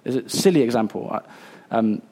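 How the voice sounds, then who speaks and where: Earnest male pastor with a mellow voice. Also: medium pitch, lively intonation. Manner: earnest, halting with fillers and restarts. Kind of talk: sermon.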